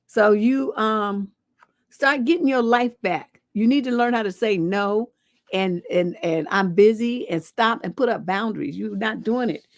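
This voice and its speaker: A woman's voice: on the high side, no echo, studio quality. A woman hosting a livestream advice show as a relationship coach, giving blunt, profane, scolding advice.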